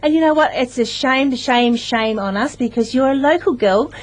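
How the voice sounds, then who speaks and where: A woman's voice: high-pitched, normal speed. A woman hosting local radio from the studio, upbeat and enthusiastic as she presents and interviews. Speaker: radio host.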